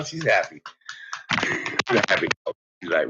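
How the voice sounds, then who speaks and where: A man rambling casually in a home vlog, swearing a lot and laughing often, dropping to low mutters and rising to loud shouts. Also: sing-song, a little slow, creaky, pauses often, a little hiss or hum. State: uses bottled oxygen. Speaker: vlogger. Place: at home with a dog. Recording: dull lo-fi home recording.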